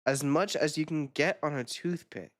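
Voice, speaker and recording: A vtuber streamer chatting casually on a live stream, rambling and swearing, with quick reactions and frequent laughter. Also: mid-range voice, no echo, studio quality. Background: background music.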